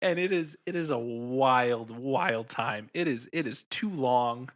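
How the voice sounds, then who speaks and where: A man co-hosting a casual film podcast, excitable and profane, rambling through a plot with many restarts. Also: medium pitch, slow pace. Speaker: podcast co-host. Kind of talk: casual film review chat.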